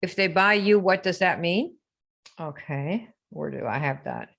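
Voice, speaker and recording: A woman's voice: fairly low pitch, expressive, unhurried, gravelly, fairly bright tone. Woman coaching sellers with rhetorical questions. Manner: rhetorical, keeps asking the audience questions; mocking sing-song when quoting sales posts. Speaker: sales coach. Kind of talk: live online coaching talk.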